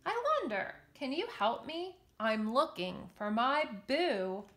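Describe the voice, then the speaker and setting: A woman's voice: high-pitched, big pitch swings, slow pace, fairly bright tone, slight background noise, full character voice. A woman voicing a sweet, timid little girl ghost in a children's storybook reading. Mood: pleading.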